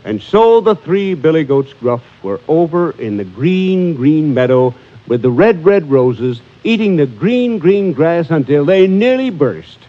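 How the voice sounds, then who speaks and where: A man's voice: on the high side, very animated, measured pace, dark tone. A man telling a children's story in a rhythmic, chanting way, playing with sound words, over music on a lo-fi recording. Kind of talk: sing-song children's story narration. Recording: lo-fi with music behind.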